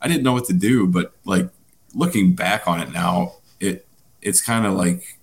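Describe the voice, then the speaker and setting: A man's voice: sits low, moderate pace, gravelly. A man co-hosting a podcast, telling a rambling story full of fillers and swearing in casual chat. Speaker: podcast co-host.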